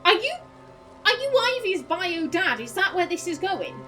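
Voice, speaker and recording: A woman's voice: extremely high pitch, very animated, normal speed, soft background music, poor audio. A woman streamer commenting casually on a game as she plays, giggly, chatty, swearing now and then. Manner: giggly, swears, reacts out loud. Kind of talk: let's play commentary.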